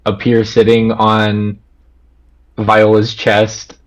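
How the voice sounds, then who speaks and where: A man's voice: on the low side, monotone, drawn-out words, rough recording. A man playing a tabletop game, speaking in a playful, laughing way. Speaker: player.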